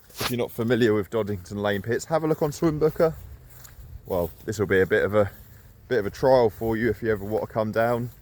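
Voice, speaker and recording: Outdoors by a lake, a carp fishing vlogger with a low, darkish voice chats as he walks, a little breathless. He's talkative and self-deprecating, drifting into rambling asides in this casual vlog.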